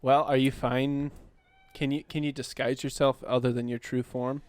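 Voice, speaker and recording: A man's voice: medium pitch, level tone, normal speed, darkish tone, smooth, no room sound. Easygoing man player on a dry mic. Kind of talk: casual tabletop play.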